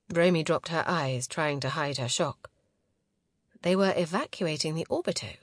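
A woman reading a novel aloud as narrator, in a measured, close and intimate way. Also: low-pitched, no room sound. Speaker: audiobook narrator. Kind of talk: scripted narration.

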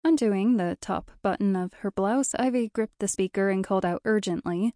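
Mellow woman narrating a story. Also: mid-range voice, normal speed, hardly any pauses, no echo, clean studio sound. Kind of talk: scripted audiobook narration.

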